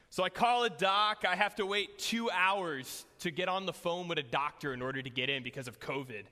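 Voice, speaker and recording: A man's voice: sits high, brisk, few pauses, pushed and bright. A young man preaching a sermon in a casual, joking way, telling a personal story to his church. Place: church hall. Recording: long hall reverb.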